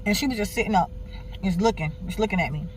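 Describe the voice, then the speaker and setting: Woman, young adult, candid storytelling vlog, animated and profane, middle pitch, faint vehicle noise behind. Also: quick pace. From Miami, Florida. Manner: animated, candid, swears freely, keeps addressing viewers. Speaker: vlogger. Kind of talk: casual personal storytelling.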